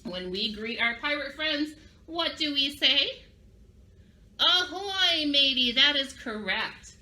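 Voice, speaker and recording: Bright, sing-song woman teaching children. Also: high-pitched, lively intonation, unhurried. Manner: upbeat, sing-song, calls on kids to repeat. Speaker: children's library presenter. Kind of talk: children's craft and vocabulary lesson.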